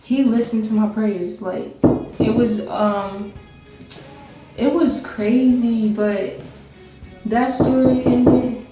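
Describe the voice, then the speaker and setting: A woman's voice: fairly high pitch, fairly even intonation, slow, pauses often, warm tone. A young woman telling a personal story in casual chat, rambling and laughing as she goes. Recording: very echoey room with faint music.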